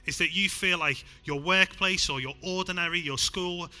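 A man with a Liverpool accent preaching a sermon in church, emphatic one moment and hushed the next. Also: high-pitched, normal speed. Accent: Liverpool (Scouse). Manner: emphatic, swings from loud to hushed.

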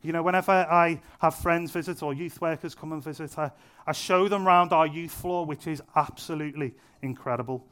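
A young preacher delivers his sermon in a relaxed, chatty way, slipping in little jokes at his own expense. His voice sits a bit higher than most men's, and he leans on repetition to hammer each point home. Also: a little fast, smooth. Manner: conversational, self-deprecating humour, emphatic repetition. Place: church venue.

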